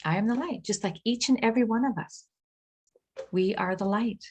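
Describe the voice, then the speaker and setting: A woman minister giving a reflective spiritual talk, gentle and searching, with pauses and restarts. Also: medium pitch, slightly rough.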